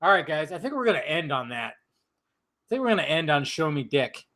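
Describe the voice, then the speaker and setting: Rambling hiccuping man with a higher voice. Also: normal speed. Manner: rambling, swearing, laughing, animated rants. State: hiccuping, drinking. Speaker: channel host. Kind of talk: casual drinking-stream chat.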